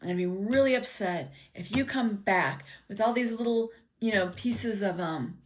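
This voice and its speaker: A woman's voice: normal speed, a little hiss or hum, lightly acted. A woman voicing her stern, exasperated father, scolding in a raised voice. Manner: scolding, raised and higher than her own voice.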